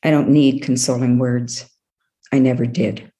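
A woman's voice: very deep voice, steady tone, a little slow. A middle-aged woman telling a personal story in a plainspoken, reflective way, with dry asides. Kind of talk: personal story told to an audience.

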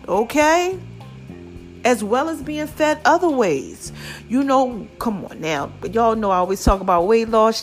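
High-voiced woman hosting a chatty podcast. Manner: lively, preachy and chatty, calls listeners "babies" and "child". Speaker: podcast host. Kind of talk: casual solo podcast talk.

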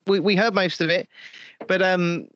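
A man's voice: high voice, fairly even intonation, moderate pace, fairly bright tone, no room sound, dull audio. A man hosting a casual chat, blunt and opinionated. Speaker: host.

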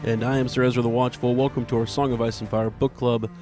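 A man co-hosting a book club podcast, hoarse from a cold and losing his voice, talking casually with fillers and throat clearing. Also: medium pitch, level tone, fast talker, music in the background. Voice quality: gravelly. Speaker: podcast co-host.

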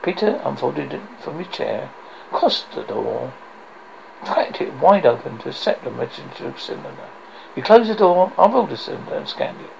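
A man's voice: medium pitch, very animated, moderate pace, gravelly, darkish tone, dull audio, a little hiss or hum. A man reading a novel aloud in a dramatic way, with occasional slips and restarts. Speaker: reader.

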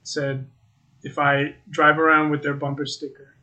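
A man's voice: on the high side, monotone, a little slow, pushed and bright, dull audio. A young man co-hosting a casual podcast, joking and riffing playfully with strings of silly insults. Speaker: podcast co-host. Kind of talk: casual chat.

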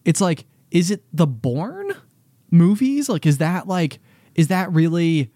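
A man's voice: fairly high pitch, big pitch swings, takes it slowly, warm tone, no room sound. Rambling young male podcast host. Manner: rambling, lots of "like" fillers, laughs easily. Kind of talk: casual chat.

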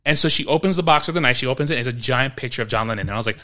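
Male podcast co-host, 30s, quick bright delivery, animated storyteller. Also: mid-range voice. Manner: animated storyteller, acts out his own past reactions. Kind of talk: casual storytelling chat.

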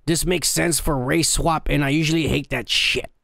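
A man co-hosting a casual podcast with a gravelly, slightly raised voice. He jokes crudely and swears freely while reading viewer comments aloud. The sound is dry and close. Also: a little high, fairly even intonation, moderate pace, fairly bright tone, dry recording. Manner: profane, joking, reads out comments. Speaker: podcast co-host.

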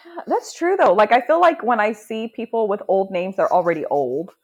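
A woman's voice: medium pitch, lively intonation, normal speed. A woman co-hosting a podcast in casual chat, telling stories animatedly and laughing often. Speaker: podcast co-host.

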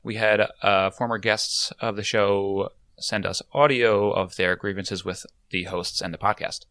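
Bright, low-voiced podcast co-host. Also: male voice, steady tone, a little slow, no room sound. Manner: upbeat, laughs easily. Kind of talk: casual podcast chat.

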